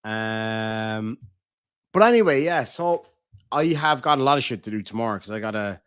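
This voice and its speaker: A man's voice: fairly low pitch, animated, moderate pace, fairly bright tone, clear, resonant tone, no echo, clean studio sound. Chatty Cork Irishman swearing freely. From Ireland. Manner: chatty and swears freely while reading chat aloud. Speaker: livestream host. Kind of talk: casual livestream chat.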